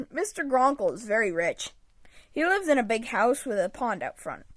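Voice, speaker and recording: A woman reading a children's picture book aloud in an expressive read-aloud manner, close to a home microphone. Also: fairly high pitch, moderate pace, no echo. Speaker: storybook reader.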